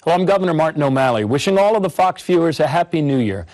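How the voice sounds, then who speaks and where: Brisk, fast-talking man. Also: fairly high pitch, expressive, a little mellow, poor audio. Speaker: former governor and candidate. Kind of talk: scripted holiday greeting.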